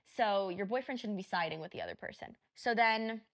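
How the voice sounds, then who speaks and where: Podcast girl telling a long story, swears a lot, acts out everyone's lines, mid-pitch voice. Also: fairly quick. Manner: animated retelling, profane, acts out quotes. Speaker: podcast co-host. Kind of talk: casual chat, storytelling.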